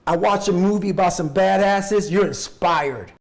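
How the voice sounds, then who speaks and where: A man's voice: sits high, normal speed, creaky. A man giving a blunt, intense motivational talk as an interview guest, swearing freely.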